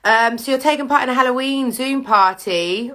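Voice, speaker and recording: A woman's voice: high-pitched, normal speed, bright, forceful tone. A woman hosting a casual live stream from home, chatting bubbly and straight to her viewers over a video call. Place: home living room with piano and candles.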